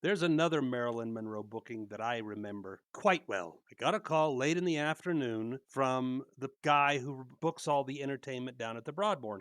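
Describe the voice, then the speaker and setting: A man's voice: medium pitch, fairly bright tone, smooth, no echo. A man hosting a podcast, chatting casually and telling stories, acting out the voices he quotes. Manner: storytelling, acts out quoted voices. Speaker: podcast host. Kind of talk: casual chat.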